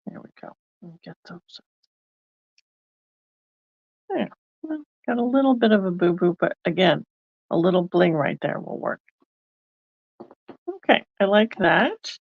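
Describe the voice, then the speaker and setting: A woman's voice: lowish voice, expressive, a little slow, creaky, long pauses, no room sound, phone-quality sound. A woman hosting a card-making video, chatting casually and thinking aloud as she works. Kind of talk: casual crafting demonstration.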